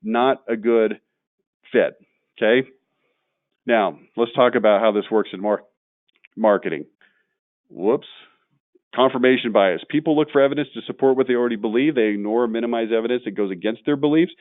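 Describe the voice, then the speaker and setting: A man presenting a marketing webinar, blunt and quick to get worked up as he tears into examples. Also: medium pitch, dry recording, narrow, tinny audio. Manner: blunt, gets worked up and ranting.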